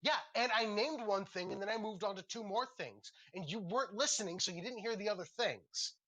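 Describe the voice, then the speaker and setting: Incredulous mocking man, husky and bright. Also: high voice, fairly quick. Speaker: debater in an online argument. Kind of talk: heated casual argument.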